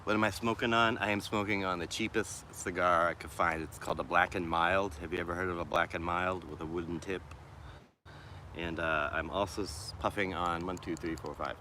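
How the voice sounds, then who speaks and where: Deep-voiced man with a faint Boston accent. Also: fairly even intonation, sharp tone, a little hiss or hum. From Boston, USA. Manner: unhurried, musing, with trailing restarts. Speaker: livestreaming vlogger. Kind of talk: casual livestream chat answering viewer comments. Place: wooded city park in the shade, outdoors.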